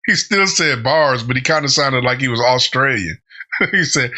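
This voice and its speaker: Bright-voiced man laughing through reactions. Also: mid-range voice, expressive, normal speed. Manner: laughs often, rambling tangents. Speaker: reaction channel host. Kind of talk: casual reaction commentary.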